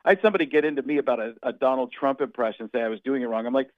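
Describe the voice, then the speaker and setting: A man being interviewed as a comedian guest, talking in an animated, jokey way that slides into impressions. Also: mid-range voice, rapid-fire, few pauses, no echo, dull audio. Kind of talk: casual radio interview.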